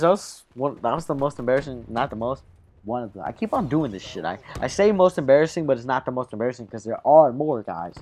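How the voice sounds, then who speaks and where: There's background noise as a fourteen-year-old boy with a mid-range voice rambles through an embarrassing tale for his audience. He swears along the way and repeatedly addresses them as "guys."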